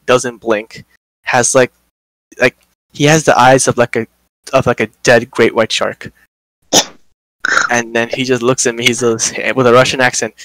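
A young man hosting a podcast, telling a work story in casual, animated chat, swearing a lot and acting out quotes. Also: medium pitch, no room sound, poor audio.

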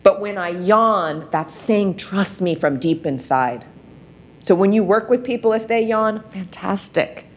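A woman's voice: mid-range voice, lively intonation, measured pace. A woman presenting a wellness workshop, coaching listeners through practices with frequent rhetorical questions. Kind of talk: guided practice talk.

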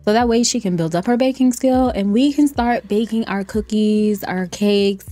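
A chatty woman narrates her life-sim gameplay in a loose, playful way. She jokes with her viewers and laughs often. Soft lo-fi music plays faintly behind her voice. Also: medium pitch. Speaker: gameplay streamer. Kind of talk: casual let's-play commentary.

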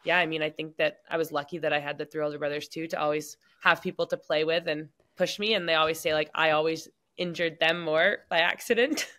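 A woman speaking as a guest in a laid-back podcast interview, her voice a little on the low side. She chats loosely, peppering her sentences with "like" and easy laughter. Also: fairly quick, hardly any pauses. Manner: relaxed, chatty, many "like" fillers, laughs easily. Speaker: guest, professional hockey player. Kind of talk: casual interview chat.

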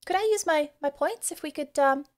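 A bashful young woman who hesitates and stumbles over every word with ums and sorries, her voice pitched a little high and quick as a woman puts her on. faint music plays underneath. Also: lightly acted. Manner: hesitant, stammering, full of ums and apologies. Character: shy, timid young woman asking a favour.

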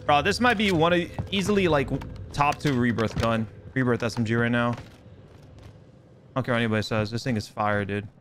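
A man's voice: medium pitch, fairly quick, a little hiss or hum. A young man streaming a shooter game, chatting casually to his viewers with hyped, slangy banter. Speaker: streamer and pro gamer. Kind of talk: casual gameplay commentary to chat. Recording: loud gunfire from the game.

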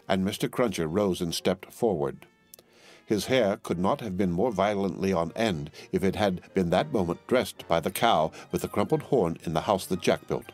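A man narrating a classic novel as an audiobook, in a measured storytelling manner. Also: low-pitched, animated, a little mellow, faint music behind.

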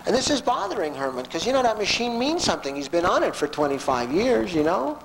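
A man giving a lecture as a story, animated and conversational, acting out the people in it. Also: high-pitched, fast talker, vocal fry, slight background noise, rough recording. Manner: animated, conversational, acts out quotes.

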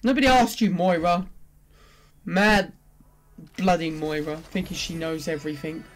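A gaming video creator reacts while opening loot boxes, swinging between glum muttering, pleading with the game, and excited shouting. The voice is medium-pitched and a little slow.

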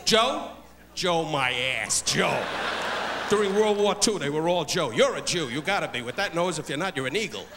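An older man doing live insult stand-up on a theater stage, loud and brash as he barks jabs at the audience. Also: a little high, lively intonation, normal speed, big-room sound. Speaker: insult comedian. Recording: live theater show, loud crowd and noise. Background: loud audience laughter.

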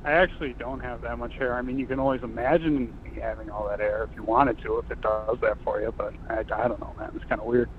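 A man's voice: mid-range voice, steady tone, fast talker, hardly any pauses, a little hiss or hum. Easygoing man calling in on a tinny phone line. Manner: easygoing, teasing. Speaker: caller. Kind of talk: call-in conversation.

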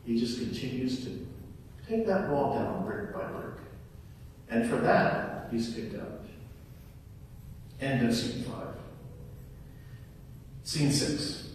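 A male pastor giving a sermon, retelling scenes in an animated storytelling manner, recorded in a church. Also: medium pitch, takes it slowly, long pauses, a little hiss or hum. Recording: echoey hall from far off.

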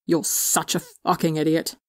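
A woman voicing a furious, tearful teenage boy who yells and curses at his brother. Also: a little high, level tone, unhurried, dry recording, studio quality, natural voice. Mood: angry tearful. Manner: yelling, cursing, tearful.

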